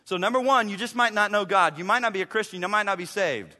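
A man preaching a passionate sermon as pastor, swinging between loud emphasis and hushed asides in a church. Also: high-pitched, fast, long reverb tail. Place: church sanctuary.

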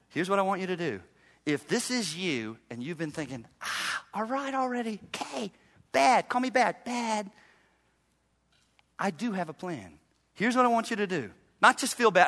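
A man preaching from the pulpit with a high, bright, forceful voice that carries through a long-reverb church hall. He swings from playful mock voices of his listeners to sudden hushed, earnest moments. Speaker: pastor. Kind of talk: sermon.

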